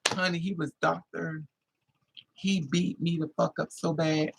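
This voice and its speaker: Guy vlogging his story, raspy and gravelly, kinda high voice, lots of cussing and emphasis. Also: measured pace, poor audio. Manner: animated, emphatic, profane storytelling. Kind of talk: casual personal storytelling.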